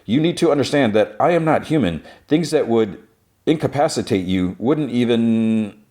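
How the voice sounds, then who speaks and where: A man voicing a dry, deadpan male security android who speaks in a flat, matter-of-fact way. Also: mid-range voice, normal speed, voice pushed up, lightly acted.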